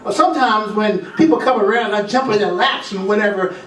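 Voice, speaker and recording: A man's voice: high voice, brisk, a bit bright. A man voicing an eager, boastful, pampered male house dog in a spoken story. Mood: explaining. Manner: coaxing, boastful. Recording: roomy echo, voice from far off.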